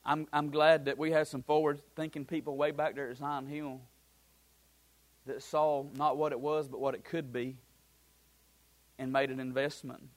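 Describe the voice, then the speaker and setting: A man's voice: on the high side, level tone, normal speed, long pauses. A man preaching a sermon as pastor, building his points through repeated phrases and breaking into casual asides.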